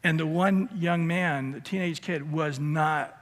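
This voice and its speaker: Man, pastor, conversational sermon, restarts sentences, slightly high voice, long church-hall echo. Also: a little slow. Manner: earnest, conversational preaching with frequent restarts. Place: church sanctuary. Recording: reverberant hall.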